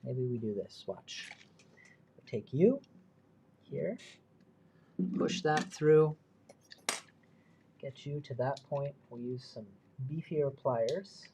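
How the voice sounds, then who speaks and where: There's a little hiss or hum behind this man's mellow, medium-pitched voice as he hosts a live build stream. He speaks slowly with long pauses but lively intonation, musing aloud about his work and dropping self-deprecating, chatty remarks.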